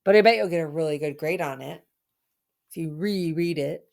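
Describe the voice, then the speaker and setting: A woman's voice: deep voice, normal speed, creaky, darkish tone. A woman teacher giving an online reading lesson for children, playful and theatrical, with dramatic mock sadness.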